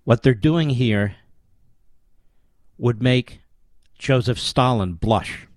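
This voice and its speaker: A man's voice: medium pitch, extremely slow, dry recording. A man hosting a political talk show, delivering an emphatic, declamatory commentary monologue with lots of rhetorical repetition.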